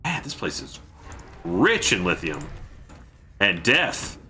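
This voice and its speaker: A man with a low voice that still swings widely in pitch, with a bright, forward edge to it. He talks casually through a game stream at home, keeping his voice down while he reads out viewer thanks and yelps at sudden scares. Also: sing-song, slow pace, a little hiss or hum. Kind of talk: casual gameplay commentary.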